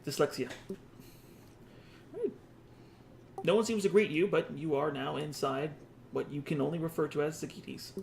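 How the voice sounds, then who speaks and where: A man's voice: a little high, moderate pace, creaky, pauses often, slight background noise. A man running a tabletop game as game master, describing scenes with asides and restarts.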